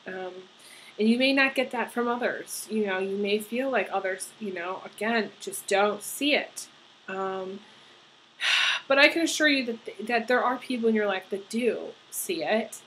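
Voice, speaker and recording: A woman giving a tarot horoscope reading, earnest and halting, with many fillers and restarts. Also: mid-range voice, fairly bright tone, slight background noise, poor audio. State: getting emotional. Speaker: tarot reader.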